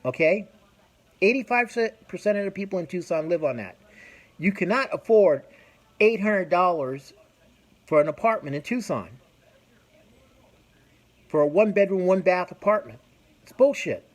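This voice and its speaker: A man's voice: high voice, lively intonation, normal speed, long pauses. A middle-aged man hosting a podcast, ranting bluntly and profanely in a rambling, casual way with frequent restarts. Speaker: podcast host. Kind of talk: casual opinion rant.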